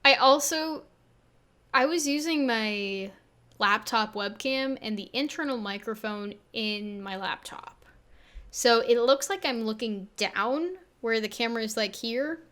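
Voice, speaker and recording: A woman's voice: on the high side, fairly bright tone. Self-mocking woman with a youthful voice. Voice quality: sounds younger than her age. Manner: self-deprecating, halting, many restarts. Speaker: video creator and game developer. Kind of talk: casual reaction commentary. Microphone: Blue Yeti on an arm.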